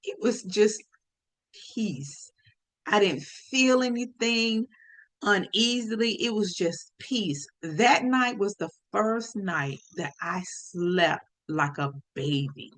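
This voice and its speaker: A woman telling a personal story on her podcast, lively and speaking straight to her listeners. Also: mid-range voice, slow pace. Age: adult.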